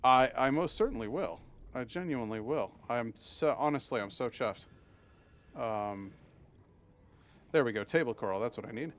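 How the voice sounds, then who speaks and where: A man's voice: medium pitch, expressive, moderate pace, pauses often, slight background noise. A man from Massachusetts streaming a game, chatting casually with his viewers and often stumbling over and restarting his sentences. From Massachusetts, USA. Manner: chatty, often restarts and stammers, reads and answers chat. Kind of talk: casual live-stream chat while gaming.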